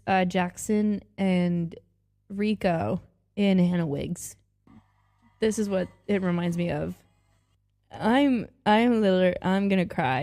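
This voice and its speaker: A young adult woman hosting a podcast, giving casual, gushing reaction commentary full of excited exclamations. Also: medium pitch. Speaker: podcast host.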